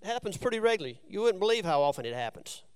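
A high-pitched man speaks very fast with big pitch swings and a clear, resonant tone, reading scripture during his sermon and explaining it in plain, offhand asides.

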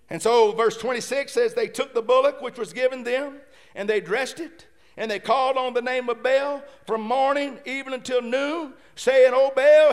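A man preaching a sermon, shouting fervently at times and reading scripture aloud with playful asides. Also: very high voice. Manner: playful asides while retelling the story.

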